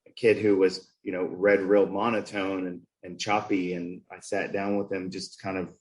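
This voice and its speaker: Animated low-voiced male podcast host. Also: moderate pace, rough recording. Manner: animated storyteller, acts out quoted voices. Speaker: podcast host, former reading specialist. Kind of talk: conversational podcast discussion.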